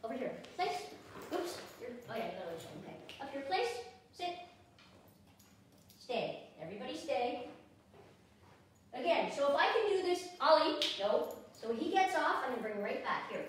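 Woman dog trainer, high voice, snapping quick commands between explaining stuff, echoey room, kinda far from the mic. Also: big pitch swings, slight background noise. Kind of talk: hands-on training demonstration. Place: indoors at home with dogs.

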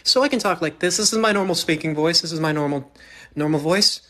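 A man doing a short deadpan comedy bit to camera. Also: fairly high pitch, fast talker.

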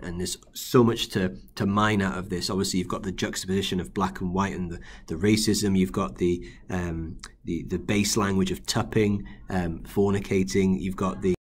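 A male literature teacher, explaining a play in a revision lesson, hesitant with many fillers and restarts. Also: sits low. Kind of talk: recorded exam-revision lesson.

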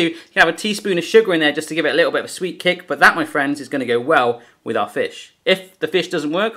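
A man's voice: on the high side, fairly bright tone. A man from from there, chatting casually and jokingly to his viewers in a cooking vlog. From southwest England. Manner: chatty and jokey, talks straight to viewers. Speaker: cooking vlogger. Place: kitchen, then outdoors on a windy coastal walk.

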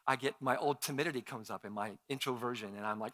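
A male pastor preaching a sermon, telling personal stories and acting out his own past lines with animated shifts. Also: mid-range voice, quick pace, hardly any pauses. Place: church sanctuary.

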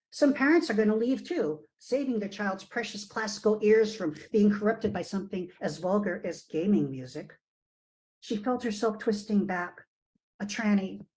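Woman giving an expressive fiction reading. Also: medium pitch, normal speed, poor audio. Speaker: author. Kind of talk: reading her fiction aloud. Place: remote virtual reading.

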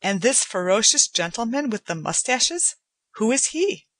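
A woman reading aloud, voicing an eager young woman who gushes with excitement. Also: fairly high pitch, unhurried, no room sound, clean studio sound, full character voice. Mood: excited. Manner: bright, excited, breathless questions.

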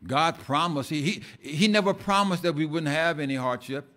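A male pastor delivers an impassioned sermon in a church, with a fairly high voice. He swings from loud, emphatic lines to hushed asides, often restarting and repeating words as he builds his point. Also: normal speed.

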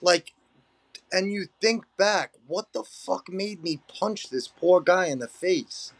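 A man's voice: sits high, lively intonation, slow, slightly rough. A man, hosting a podcast, talking bluntly and profanely in casual chat and calling his guest "bro". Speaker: podcast host.

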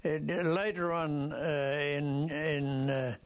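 Slow, hesitant older New man. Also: on the high side, level tone. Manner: hesitant, many fillers. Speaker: interviewee recalling teammates. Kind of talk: documentary recollection.

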